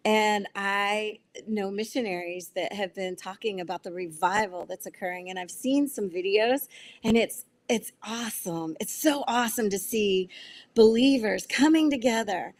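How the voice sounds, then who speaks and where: A woman guest on a video call, telling her faith story in an earnest, animated way and acting out the voices of people she quotes. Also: medium pitch. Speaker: guest sharing testimony. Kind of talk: testimony interview.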